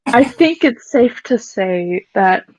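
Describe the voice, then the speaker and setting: A woman's voice: a little high, lively intonation, takes it slowly, darkish tone, a little hiss or hum. Woman running a tabletop game. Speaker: game master.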